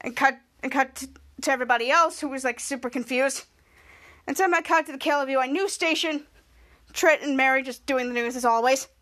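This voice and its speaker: A woman hosting a podcast, recapping a TV episode in a rambling, repetitive way and loudly acting out the quotes. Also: high-pitched, brisk. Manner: rambling, repeats herself, acts out quotes loudly. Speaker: podcast host.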